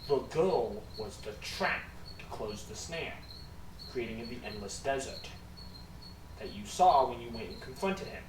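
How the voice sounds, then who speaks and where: A man narrating as game master for a tabletop game, talking in an animated way. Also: measured pace. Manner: animated, swings from low to loud. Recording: echoey room, distant mic, background noise.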